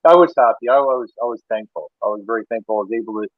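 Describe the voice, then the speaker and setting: A man's voice: on the low side, rapid-fire, no room sound, faint music behind. A Canadian man, an interior designer, telling rambling anecdotes in a casual interview, with many restarts. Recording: tinny phone-like line, dry.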